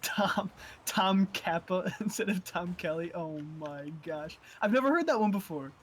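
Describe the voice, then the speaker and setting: A man's voice: high-pitched, lively intonation, a little slow, a bit bright, a little hiss or hum. A man giving live esports color commentary, analytical and explaining plays with frequent fillers and restarts.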